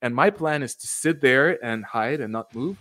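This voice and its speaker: A man hosting a casual livestream chat, telling stories excitedly and laughing often. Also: medium pitch, normal speed. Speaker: show creator and host.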